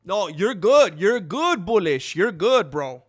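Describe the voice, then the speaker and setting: A man's voice: high voice, very animated, takes it slowly, dry recording, studio quality, faint music behind. A man hosting a casual live stream, joking and thanking donors as he reacts to the fights. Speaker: livestream host reacting to fights.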